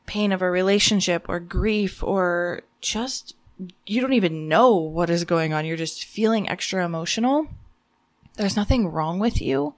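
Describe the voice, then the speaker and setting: A young adult woman hosting a podcast, giving a gentle motivational talk in a soothing, reassuring way, often saying "like". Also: on the low side. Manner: soothing, reassuring, frequent "like" fillers. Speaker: podcast host.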